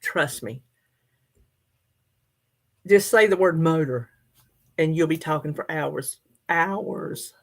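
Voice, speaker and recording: A woman's voice: low-pitched, slow, pauses often. A middle-aged woman, chatting casually with her viewers and laughing often as she answers their comments. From United States. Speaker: livestream host.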